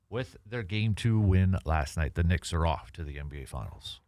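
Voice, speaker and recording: A low-voiced man hosting a sports radio show from a studio. He talks in animated, halting bursts, full of fillers and restarts. The sound is close and dry. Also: no room sound. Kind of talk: casual sports talk.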